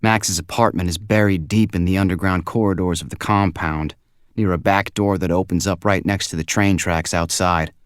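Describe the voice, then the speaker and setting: Male audiobook narrator, very low voice, quiet measured first-person read, dry close booth sound. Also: fairly even intonation, smooth, dry recording.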